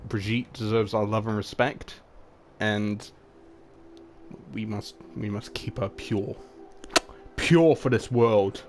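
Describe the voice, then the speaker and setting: A man's voice: lowish voice, slow pace, long pauses, slight background noise. A young man reading his own comedic fan fiction aloud, with crude, swearing, self-mocking asides. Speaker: fan-fiction writer and reader.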